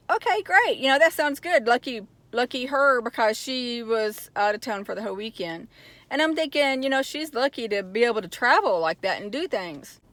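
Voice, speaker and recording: A woman's voice: on the high side, fairly bright tone, no echo. A middle-aged woman telling a personal story in a candid vlog, getting frustrated as she goes. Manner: candid, gets heated and frustrated retelling. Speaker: vlogger.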